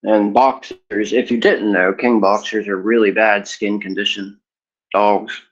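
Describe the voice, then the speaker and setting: A man casually vlogging at home, rambling in a relaxed way about his dog. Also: a little slow. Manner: sing-song, playful chanting with big pitch jumps; talks to his dog in a coaxing voice. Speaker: cannabis vlogger. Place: home room. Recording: dull lo-fi home recording.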